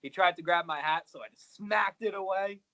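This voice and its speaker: Over slightly dull video call audio with no echo, this guest, a professional wrestler, brags his way through a casual interview like a cocky heel. He's high-pitched and sharp-toned, and he talks fairly quickly.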